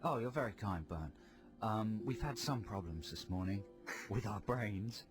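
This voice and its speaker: A male radio host presenting a comedy phone-in, talking calmly and playfully in a mock-hypnotist murmur. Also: lowish voice, a little slow. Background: trance music.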